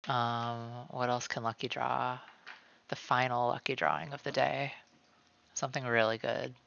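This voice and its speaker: This is a man chatting casually while drawing live from home, a cat nearby, rambling with frequent "like" and naming himself in the third person. He speaks at a measured pace in a mid-range, gravelly voice with a fairly bright tone, and the recording's highs are cut off.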